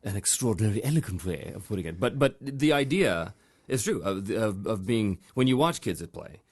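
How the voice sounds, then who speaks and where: A man's voice: on the low side, expressive, fairly quick, breathy edge. A man hosting a voice acting podcast, chatting casually and reading out listener mail with laughs. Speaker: podcast host.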